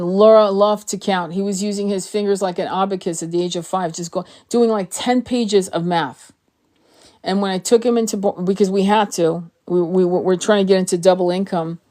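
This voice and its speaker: A woman's voice: lowish voice, darkish tone. Woman host chatting live to viewers; blunt, profane, throat sore and tired, sentences often restarted. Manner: blunt, swears freely, many restarts. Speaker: tarot reader hosting a live stream. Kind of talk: casual livestream chat.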